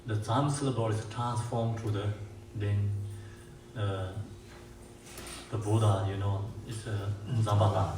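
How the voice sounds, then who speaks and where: Low-voiced man teaching in an echoey hall. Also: level tone. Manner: halting, with many fillers and restarts; slows to chant mantras. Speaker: Buddhist teacher. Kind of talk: dharma teaching. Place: meditation centre hall. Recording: echoey room, mic far off, faint hiss.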